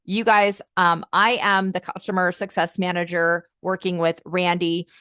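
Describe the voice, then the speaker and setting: Upbeat low-voiced woman giving software training. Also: flat delivery, a little slow, clean tone, no echo, studio quality. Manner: upbeat, chatty, enthusiastic; frequent "like" and "um" fillers. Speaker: customer success manager.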